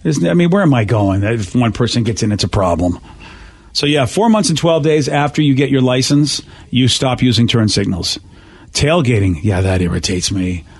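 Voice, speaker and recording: A man hosting a morning rock radio show, chatting and telling stories with animated mimicry. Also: medium pitch, normal speed, breathy edge.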